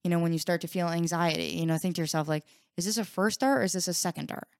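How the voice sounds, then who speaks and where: A woman's voice: on the low side, quick pace, no echo, studio quality. A woman co-hosting a recovery workshop talk, explaining ideas casually with frequent "right?" checks and acted-out examples. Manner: acts out an anxious inner voice in examples. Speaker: podcast co-host.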